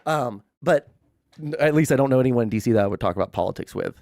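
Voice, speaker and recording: A man's voice: medium pitch, animated, quick pace, gravelly, darkish tone, no echo, studio quality. A man streaming political commentary, ranting in a heated, profane way and laughing at himself between outbursts. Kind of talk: livestream commentary.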